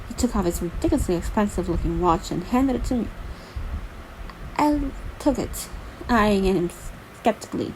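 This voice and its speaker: Reading a novel aloud with playful commentary, a young woman speaks at normal speed in a mid-range, darkish voice, leaving long pauses and stopping to chat and laugh between lines. Slight background noise and low recording quality come through.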